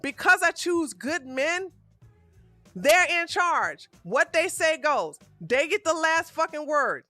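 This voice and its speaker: Lively blunt woman streamer. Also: sits high, slow pace, no room sound, faint music behind. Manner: blunt, profane, animated. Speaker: commentary streamer. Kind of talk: casual livestream commentary.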